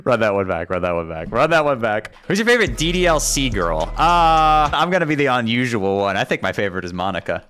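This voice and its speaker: A young man streaming a video game live, joking with chat and yelping in excitement when the game surprises him. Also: mid-range voice, fairly quick, hardly any pauses, slight background noise. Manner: excitable and jokey, voice shooting up when startled.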